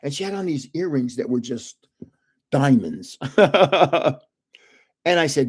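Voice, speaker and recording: A man's voice: medium pitch, lively intonation, slow, long pauses, breathy edge. An older man hosting a live stream, telling rambling stories in a chatty way and laughing often. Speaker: host of a live card-opening stream.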